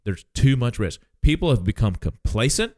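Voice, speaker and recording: A man's voice: mid-range voice, sing-song, normal speed, darkish tone, no room sound. A man in his sixties hosting a casual financial talk show as an advisor, speaking emphatically and tagging his points with "okay?".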